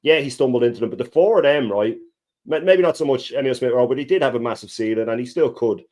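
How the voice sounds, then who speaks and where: Guest type: man with a mid-pitched voice, rapid-fire, heated and emphatic. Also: darkish tone. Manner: fast, heated opinions. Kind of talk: casual live chat.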